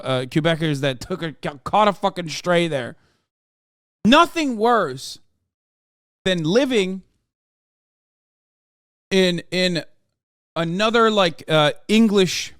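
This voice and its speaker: High-voiced man ranting profanely. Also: a bit bright, clean tone, no echo, clean studio sound. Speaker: livestreamer reacting to news. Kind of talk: heated reaction commentary.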